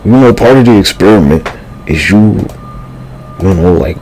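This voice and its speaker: A man's voice: low voice, expressive, normal speed, long pauses, darkish tone, a little hiss or hum. A man rambling through a livestream monologue, profane and slangy, drifting between thoughts with sighs and fillers.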